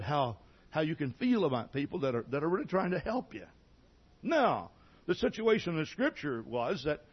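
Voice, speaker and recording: Preacher guy telling his testimony, kinda husky, keeps clearing his throat, muffled old church tape. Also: fairly high pitch. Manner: folksy storytelling, frequent restarts and throat clearing. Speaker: pastor. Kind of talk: sermon testimony.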